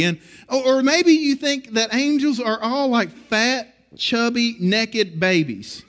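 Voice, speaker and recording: A middle-aged man preaching a sermon in a conversational, animated way, often restarting his phrases. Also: very high-pitched, slow pace. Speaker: pastor.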